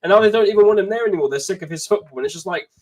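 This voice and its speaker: Fast-talking, animated male football host. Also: sits high. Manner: animated, talks in bursts. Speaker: channel host. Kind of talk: casual football chat.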